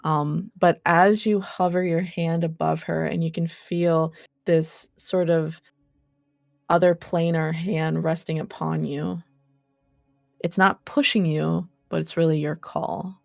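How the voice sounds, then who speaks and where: Low, gravelly woman game master. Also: flat delivery, takes it slowly, no room sound, studio quality. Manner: hesitant, full of fillers. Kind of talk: narrating a tabletop game.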